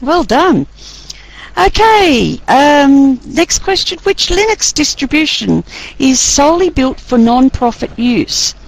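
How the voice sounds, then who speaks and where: Slow, gravelly-voiced woman lecturer. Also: high voice, sing-song, poor audio. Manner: chatty, teasing, laughs often. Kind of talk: lecture with class quiz.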